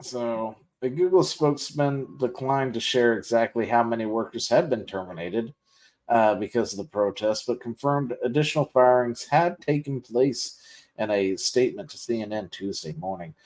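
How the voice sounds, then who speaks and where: A man's voice: medium pitch, normal speed, a little mellow. A man hosting a casual podcast, reading news aloud and mocking it with sarcasm, laughter and swearing. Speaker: podcast host.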